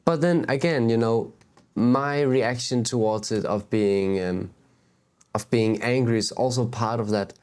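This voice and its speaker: A man's voice: mid-range voice, measured pace, clear, resonant tone. Candid man musing outdoors. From Denmark. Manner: candid, animated, swears and laughs at himself. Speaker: spiritual vlogger. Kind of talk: casual spiritual talk to camera. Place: outdoors on a beach.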